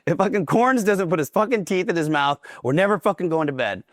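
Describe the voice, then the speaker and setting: A man's voice: high-pitched, animated, fairly quick, no echo, studio quality, pitched above the performer's own voice. A man voicing an angry male Marine drill instructor who barks profane orders at a recruit. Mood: yelling. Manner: shouting, profane barking orders.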